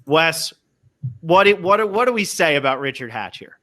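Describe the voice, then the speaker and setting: A man hosts a casual podcast with enthusiasm, often repeating a word as he starts a sentence. His tone is bright and forward. The recording is dry, with no room echo. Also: a little high, very animated, normal speed. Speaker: podcast host.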